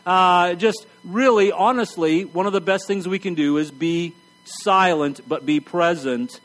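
Middle-aged male preacher, high voice, conversational and blunt, wry humor, hushed emphasis. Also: unhurried. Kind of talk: sermon.

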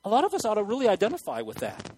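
A man preaching a sermon to a church congregation, moving between quiet, earnest asides and loud, excited outbursts. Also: high-pitched, rapid-fire, a little hiss or hum, rough recording. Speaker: pastor.

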